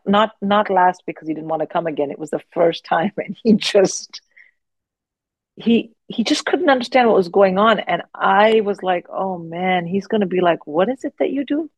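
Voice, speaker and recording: A woman in her forties, a guest comedian telling animated stories in casual podcast chat. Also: mid-range voice, gravelly, husky, no room sound, muffled recording. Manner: animated, expressive anecdotes with frequent restarts.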